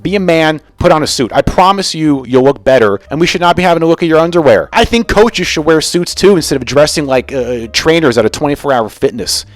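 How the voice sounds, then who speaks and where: A man's voice: a little high, animated, brisk, few pauses, no echo, soft background music. A young man hosting a casual sports commentary vlog, opinionated and ranting about the game. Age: young adult. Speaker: sports video host.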